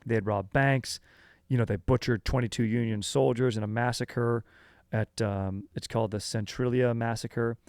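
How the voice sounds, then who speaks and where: A man's voice: medium pitch, fairly even intonation, moderate pace, darkish tone, dry recording, studio quality. A man hosting a comedy history podcast, talking loosely and rambling with lots of fillers and casual slang.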